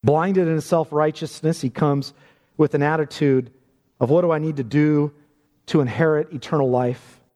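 A man's voice: on the high side, fairly even intonation, moderate pace, warm tone. Emphatic preacher man in a reverberant hall. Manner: emphatic, repeats words when stressing points. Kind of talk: sermon.

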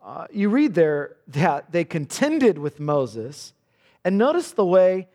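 A man's voice: sits high, big pitch swings, slow pace, a little mellow. A man preaching a sermon, earnest and intense, repeating words as he builds each point. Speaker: pastor. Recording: long hall reverb.

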